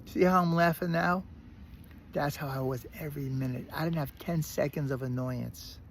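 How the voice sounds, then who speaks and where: A man with a Brooklyn accent telling a personal story in a casual, animated way, often restarting and repeating words. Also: on the high side, normal speed, slight background noise. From Brooklyn, New York. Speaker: recovery speaker.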